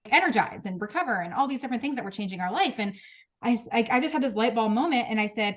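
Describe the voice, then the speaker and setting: A woman's voice: a little high, animated, a bit bright. Candid, emotional woman on a call. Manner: emotional, frank, fast-talking with restarts and laughs. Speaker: coach speaking on a group call. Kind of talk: candid motivational talk.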